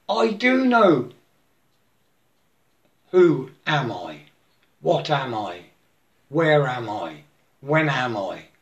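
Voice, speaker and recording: A man giving a halting, repetitive spiritual monologue, breaking into chanted mantras and laughing to himself. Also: on the high side, a bit bright.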